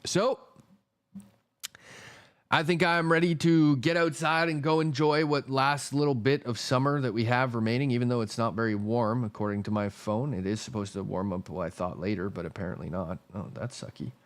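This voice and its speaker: A man's voice: medium pitch, fairly even intonation, normal speed, no room sound. A man hosting a stock market livestream, ranting in a casual, exasperated way, swearing often and repeating himself. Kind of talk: casual profane market rant.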